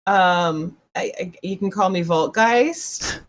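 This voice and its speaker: A timid young hero who stumbles over her words, played by a woman in a tabletop game. She speaks slowly, hesitating and repeating herself, in a middle-pitched voice. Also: expressive, slight background noise. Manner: hesitant, stammering.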